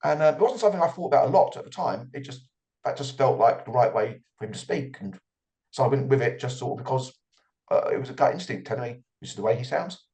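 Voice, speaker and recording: A man's voice: mid-range voice, expressive, fast talker, mellow. Reflective middle-aged man, restarting thoughts. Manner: reflective, repeats words when starting thoughts. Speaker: author guest. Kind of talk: relaxed interview answers.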